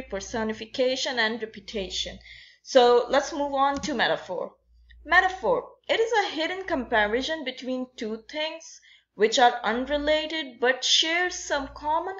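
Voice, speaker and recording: A woman explaining an English lesson to students, often repeating herself and restarting with fillers. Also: sits high. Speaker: English teacher. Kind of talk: classroom-style explainer lesson. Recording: dull lo-fi recording.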